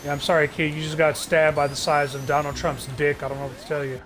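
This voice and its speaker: A man's voice: a little high, level tone, fast talker, background noise. A man ranting sarcastically on a live stream, swearing often and stumbling through restarts. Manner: profane, heated, sarcastic ranting with frequent filler restarts.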